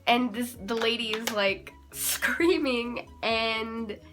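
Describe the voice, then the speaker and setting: A young woman vlogger telling an embarrassing story in a rambling, animated, self-mocking way. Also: fairly high pitch, takes it slowly, soft background music. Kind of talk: casual storytime.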